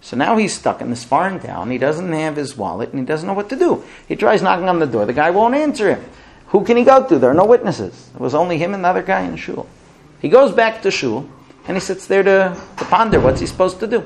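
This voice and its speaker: Gravelly-voiced man teaching a class. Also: sits high, very animated, brisk. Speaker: religious teacher. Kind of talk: storytelling Torah class.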